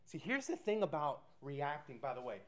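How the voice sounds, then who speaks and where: Animated man preaching a sermon. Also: fairly high pitch, moderate pace. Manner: animated storytelling with acted quotes. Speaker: pastor. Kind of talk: sermon Bible study.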